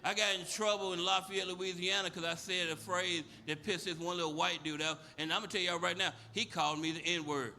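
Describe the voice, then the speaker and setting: A man's voice: sits high, steady tone, fairly quick, hardly any pauses, bright, forceful tone, slight background noise. A man doing a stand-up comedy set on a club stage, brash, profane and full of stories. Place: comedy club stage before a live audience.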